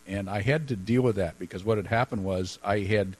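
A man in ministry giving an earnest personal testimony, halting a little as he speaks. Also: fairly low pitch, darkish tone, rough recording. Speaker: ministry leader sharing testimony.

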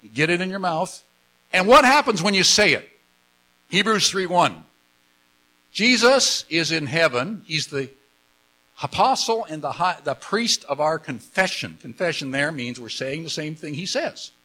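A man's voice: on the high side, animated, a little slow, sharp tone, rough recording. A man preaching a sermon, enthusiastic and emphatic, often repeating words as he explains scripture. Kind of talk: sermon with Bible reading.

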